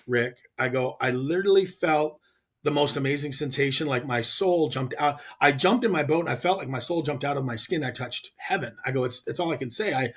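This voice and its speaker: A man's voice: fairly high pitch, fairly bright tone. A man who is a professional angler, a guest on the show, telling a personal story in an earnest, heartfelt way and often restarting his sentences when he gets emotional.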